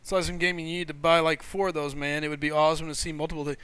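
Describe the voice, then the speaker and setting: A man hosting a live gaming stream, talking fast with excitement and reading chat out loud. His voice is high and bright, crisp and clean, recorded dry and close. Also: no echo. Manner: excitable, laughs often, reads chat aloud.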